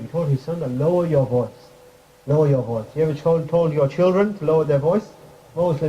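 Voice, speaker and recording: A man giving an informal sermon in a mosque, speaking conversationally with the audience, putting questions to them and making light jokes, and quickly reciting Arabic verses. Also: on the high side, mellow. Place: mosque hall. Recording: crackly muffled recording.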